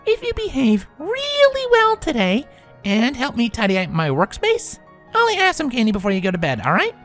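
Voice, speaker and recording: A prim, bookish young mare with a precise, slightly impatient way of speaking, as a woman acts her out. Her voice sits far higher than a grown woman's. It swings widely in pitch. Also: wildly swooping pitch, normal speed, fairly bright tone, faint music behind. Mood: fond. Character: young female unicorn, prim, bookish, exasperated. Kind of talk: fan fiction reading.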